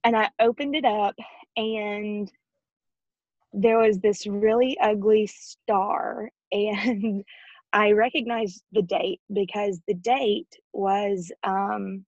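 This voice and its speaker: A woman's voice: mid-range voice, fairly even intonation, takes it slowly, darkish tone, no room sound, highs cut off. A woman in her thirties telling a personal faith story as an interview guest, earnest and emotional, laughing often and close to tears. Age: 30s.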